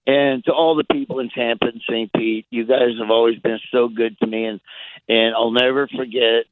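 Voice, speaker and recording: A man's voice: medium pitch, steady tone, normal speed, no room sound, narrow, tinny audio. A middle-aged man, a comedian guest, telling a rambling story in a casual interview, laughing and acting out the people he quotes.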